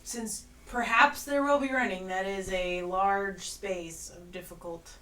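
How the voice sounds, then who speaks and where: A woman's voice: mid-range voice, steady tone, measured pace, a bit bright, rough recording. A woman playing a tabletop game, carefully reminding the others about the terrain. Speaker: player. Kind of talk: casual tabletop game play. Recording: clear background noise. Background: ambient noise.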